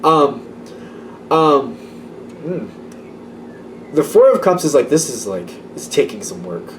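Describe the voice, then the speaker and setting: Taking it slowly, a male tarot reader with a mid-range voice and big pitch swings gives a relaxed reading, repeating himself in a chatty way and letting out light laughs between ideas. The mic sits some distance from him, and a faint room hum lingers in the background.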